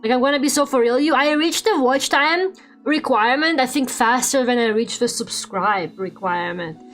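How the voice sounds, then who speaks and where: A woman's voice: sits high, normal speed, a bit bright, faint music behind. A young woman streaming and chatting casually while she draws, rambling, swearing freely and laughing often.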